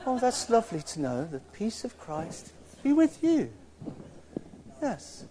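A man voicing an overly pious, precious churchgoer who talks in a hushed, sanctimonious murmur. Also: high voice, huge pitch swings, slow, some chatter behind, a little hiss or hum, full character voice. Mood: smug.

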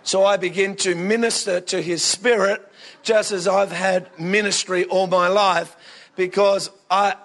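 An Australian man preaching a sermon, telling funny family stories in an animated, joking way that bursts into excitement. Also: high-pitched, unhurried. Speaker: pastor. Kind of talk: humorous storytelling sermon.

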